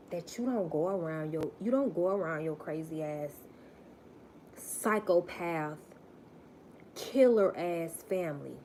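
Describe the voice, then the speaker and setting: A woman's voice: low voice, mellow, a little hiss or hum. A woman giving a live-stream spiritual message, emphatic and preachy, repeating phrases for stress.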